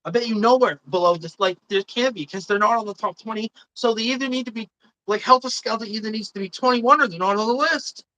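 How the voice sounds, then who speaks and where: A woman's voice: a little high, fast, a bit bright, no echo, highs cut off. A woman hosting a live stream, chatting casually and swearing a lot as she gives blunt, indignant opinions.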